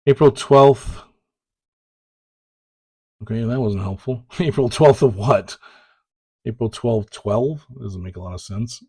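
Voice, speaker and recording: Fairly low and husky with a dark tone, this man's voice comes through with no echo at a moderate pace. As a print collector vlogger unboxing packages, he chats about prints in a rambling way, often correcting himself and using many fillers.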